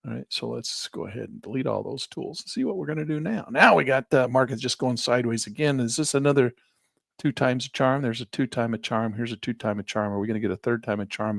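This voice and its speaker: A man with a gravelly voice teaches a live trading session over a headset mic. He chats casually and thinks aloud as he moves through charts. The sound is dry and close, with no room echo. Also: medium pitch, fast. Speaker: trading instructor. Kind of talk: live screen-share trading lesson. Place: small office near a parking lot.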